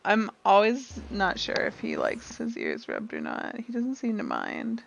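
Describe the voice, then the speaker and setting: A woman's voice: mid-range voice, huge pitch swings, a little slow, gravelly, a little hiss or hum. A young woman streaming a game, chatty and playful, talking to her cat, recorded on a desk mic with dull lo-fi audio. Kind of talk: casual game stream chat.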